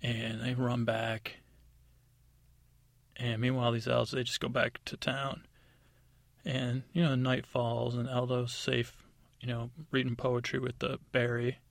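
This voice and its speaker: Rambling man telling a gravelly bedtime story. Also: a little slow, dry recording. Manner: rambling, offhand, full of fillers; pops into high, excited voices for the characters. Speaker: podcast storyteller. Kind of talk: improvised bedtime story narration.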